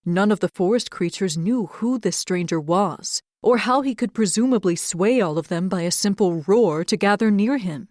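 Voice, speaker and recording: A young adult woman hosting a podcast, reading fairy tales aloud and reflecting on faith in an earnest, expressive way. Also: lowish voice, no echo, clean studio sound. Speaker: podcast host and storyteller. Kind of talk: storybook narration and devotional reflection.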